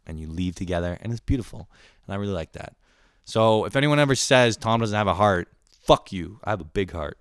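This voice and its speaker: A man's voice: a little fast, no room sound, studio quality. Profane ranting young man. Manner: profane, irritable, self-mocking; swings between loud outbursts and low mutters. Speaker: podcast host. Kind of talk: comedic ranting monologue.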